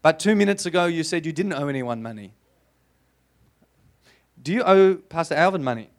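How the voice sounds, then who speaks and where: A man with an Australian accent preaching a sermon to a church congregation, lively and playful, often asking the room questions. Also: on the high side, normal speed. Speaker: pastor.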